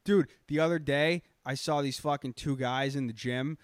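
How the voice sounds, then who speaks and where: A man's voice: medium pitch, fairly even intonation, normal speed, dry recording, clean studio sound. A man with a Boston accent co-hosting a podcast in crude, profane, rambling casual chat. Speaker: podcast co-host.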